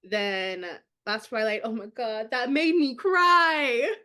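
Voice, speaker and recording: A young woman with a high voice co-hosting a casual podcast. She talks in an excitable, emotional, gushing way. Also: slow, clean tone. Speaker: podcast co-host. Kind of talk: casual chat.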